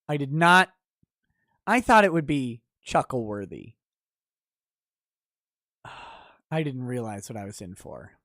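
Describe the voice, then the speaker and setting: A man's voice: fairly high pitch, no room sound, studio quality. A man hosting a casual livestream, reading chat messages and mocking an article with sardonic, profane commentary. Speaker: livestream host.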